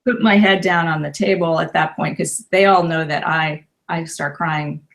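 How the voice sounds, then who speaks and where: Effusive gravelly-voiced woman coach. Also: low voice, steady tone, moderate pace, fairly bright tone. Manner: effusive, emotional, many restarts. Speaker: life coach and author. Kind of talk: casual interview chat.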